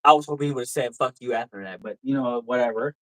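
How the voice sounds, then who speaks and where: A drunk man hosting a casual stream, reading viewer comments and arguing loudly, profane and repetitive. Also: medium pitch, quick pace, poor audio. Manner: loud, profane, argumentative, repetitive. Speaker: livestream host.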